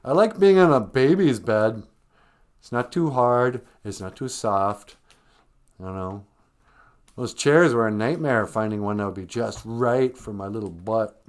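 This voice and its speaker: A man's voice: mid-range voice, a little slow, close to an everyday voice. A man voicing a picky, fussy young girl who complains about everything in a comic story. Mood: pleased.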